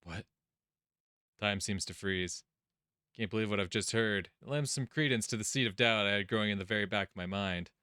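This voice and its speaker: Let's play host: low-pitched man, casual, thinks aloud while reading. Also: brisk, sharp tone, smooth, no echo, studio quality. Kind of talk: reading visual novel text aloud and commenting. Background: game music.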